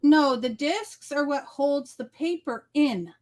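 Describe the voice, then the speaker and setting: In a high, slightly mellow voice, a woman talks slowly as she co-hosts a casual crafting livestream over a video call. She chats through each step and keeps asking "okay?"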